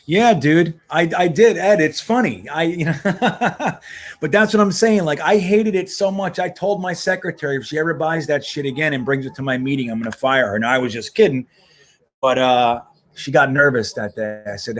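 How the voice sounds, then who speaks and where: Man, casual livestream host, slightly high voice, loose and profane chat. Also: normal speed, a bit bright. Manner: loose, profane, chatty, reacts to plays. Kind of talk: casual live watch-along chat. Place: home in Miami.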